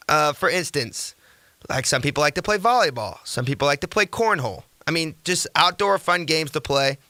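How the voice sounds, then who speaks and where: Young male sports radio host, slightly high, bright and dry studio sound, rambling energetic rants. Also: smooth, dry recording. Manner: energetic, rambling, rhetorical ranting. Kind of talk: casual sports talk radio.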